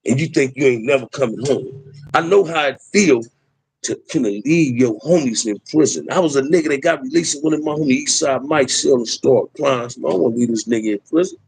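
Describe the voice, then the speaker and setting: A man's voice: mid-range voice, brisk, vocal fry, darkish tone, slightly rough, no room sound, rough recording. A middle-aged man, talking emphatically in a preachy street style as host of a livestream. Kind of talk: impassioned livestream talk.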